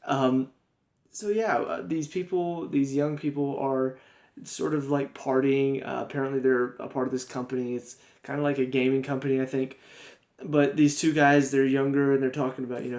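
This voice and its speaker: A man's voice: medium pitch, steady tone, moderate pace, darkish tone. A young man giving a casual, rambling spoken review of a TV episode, full of fillers and restarts. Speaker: TV review vlogger.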